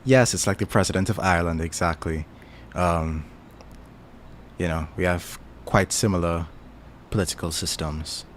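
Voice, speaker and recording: A Trinidadian man talks casually to his stream viewers, musing aloud and filling gaps with fillers. His low-pitched voice keeps fairly even intonation at a moderate pace, with a little hiss or hum on the recording.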